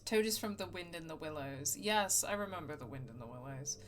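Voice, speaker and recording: Let's play host: woman, lowish voice, casual wry commentary, swears freely. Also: lively intonation, a little fast, a little hiss or hum. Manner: wry, swears, self-mocking asides.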